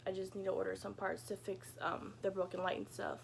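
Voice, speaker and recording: Chatty young woman with vocal fry. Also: medium pitch, flat delivery, brisk, slight background noise. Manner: chatty, full of "like" and "you know", swears freely. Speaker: vlogger. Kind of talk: casual storytime. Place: home bedroom.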